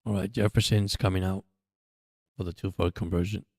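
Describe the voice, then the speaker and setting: A man hosting a livestream, chatting casually and getting excited as he reacts to a football game. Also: low voice, moderate pace, no echo, studio quality. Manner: chatty, excitable during plays. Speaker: livestream host. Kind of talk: casual live game commentary.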